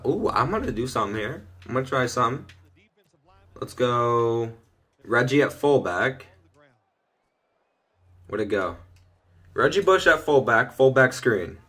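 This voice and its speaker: A young man casually commenting on his own gameplay from his bedroom, chatting through each play and getting loud and excited when things go well. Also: mid-range voice, husky. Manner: excitable, shouts and laughs at big plays. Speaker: gaming video host. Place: bedroom at home.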